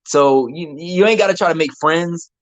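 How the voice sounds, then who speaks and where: A man co-hosting a casual sports chat, relaxed, often repeating words as he talks. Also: a little high, moderate pace, no echo.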